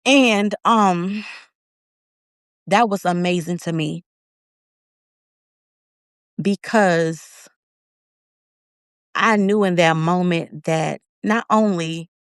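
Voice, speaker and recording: In a casual interview, a woman in her thirties recounts something that happened to her, animatedly performing her own quoted lines with big swings in pitch. The audio is studio quality and free of echo.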